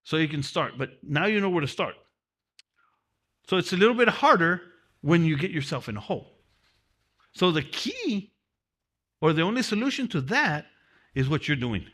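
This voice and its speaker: A man's voice: a little high, sing-song, moderate pace, long pauses, pushed and bright. A man giving a motivational seminar lecture, repeating and stressing key phrases for his class. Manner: repetitive, emphatic, drills key phrases; speaks from personal experience of prison. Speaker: mentoring class teacher.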